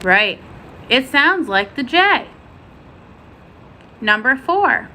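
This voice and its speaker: A woman teaching a first-grade phonics lesson, sounding out letters and words slowly and clearly. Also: high voice, big pitch swings, sharp tone, a little hiss or hum, poor audio.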